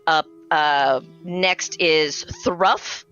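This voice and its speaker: A woman runs a tabletop game, narrating the action slowly and with many fillers. Her voice is bright and clear, though the recording sounds a little dull, with faint music underneath. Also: sits low. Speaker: game master. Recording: slightly dull, lo-fi audio.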